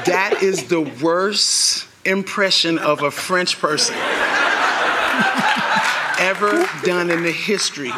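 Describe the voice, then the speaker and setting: A woman delivering a loud, laughing comic rant with swearing, played as a clip. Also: unhurried. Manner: loud, laughing, swearing, big swoops in pitch. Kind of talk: stand-up style comic rant. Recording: clip with loud crowd and noise. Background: loud crowd laughter.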